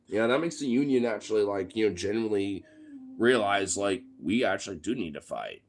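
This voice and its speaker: Low-voiced man ranting casually with profanity. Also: animated, a little fast, soft background music. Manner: profane, heated ranting with frequent fillers. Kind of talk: casual rambling monologue.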